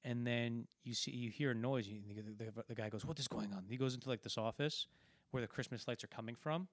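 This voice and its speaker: A man's voice: medium pitch, steady tone, fairly quick, no room sound, clean studio sound. A man casually talking through a film, rambling and acting out quoted lines as he retells scenes. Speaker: podcast co-host.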